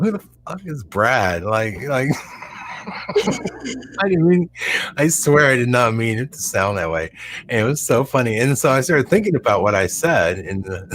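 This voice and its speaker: A man's voice: mid-range voice, a little hiss or hum. A middle-aged man hosting a call-in show, chatting casually and rambling, often laughing and restarting his sentences. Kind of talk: casual chat.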